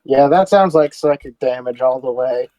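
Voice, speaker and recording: A man's voice: mid-range voice, normal speed, warm tone, dry recording. A man playing in a tabletop game, easygoing and wondering aloud. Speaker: player.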